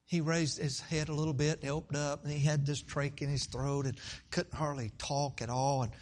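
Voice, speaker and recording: A man, a pastor preaching a sermon and telling a story, often acting out voices at a high, strained pitch. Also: steady tone, brisk, a little mellow.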